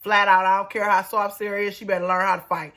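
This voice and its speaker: A young woman casually recapping a reality show, slangy and sassy, acting out quotes in loud high voices. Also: level tone, fast talker.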